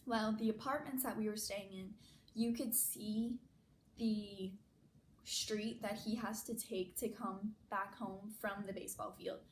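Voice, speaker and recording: A woman's voice: medium pitch, measured pace, a little hiss or hum, low-quality recording. A young woman vlogger telling a story in a casual, chatty way, full of "like" fillers. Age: young adult. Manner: chatty, many "like" fillers, animated retelling.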